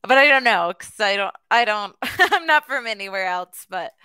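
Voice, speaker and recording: A woman's voice: mid-range voice, expressive, moderate pace, sharp tone, clean tone, no echo. A woman from the United States tutoring English in a casual conversation class, chatty and friendly, with lots of fillers.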